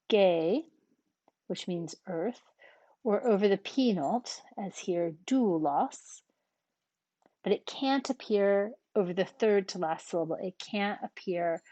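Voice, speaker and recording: A woman talks through a language lesson at an unhurried pace. She explains patiently, one step at a time, and pauses on frequent ums. Her voice sits at a middle pitch and is recorded close and dry. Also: dark tone, dry recording, lo-fi sound. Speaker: language teacher. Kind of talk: relaxed classroom explanation.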